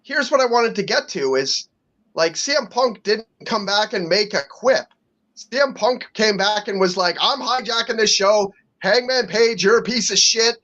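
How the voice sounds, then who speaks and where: A man rambles bluntly on a podcast, stacking fillers and restarts. His voice sits high. The audio is dull and lo-fi. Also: moderate pace, pushed and bright. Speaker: podcast co-host. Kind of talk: casual wrestling chat.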